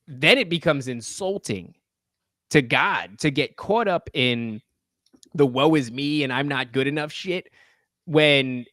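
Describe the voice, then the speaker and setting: A man's voice: mid-range voice, fairly bright tone, no room sound, studio quality. A man in his thirties ranting heatedly and profanely on a podcast, rambling in casual talk. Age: 30s. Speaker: podcast guest.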